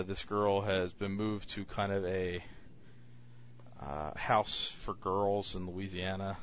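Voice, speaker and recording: A man's voice: low-pitched, a bit bright, muffled recording, slight background noise. A man co-hosting a casual podcast chat, reviewing films in a rambling way with many fillers and restarts.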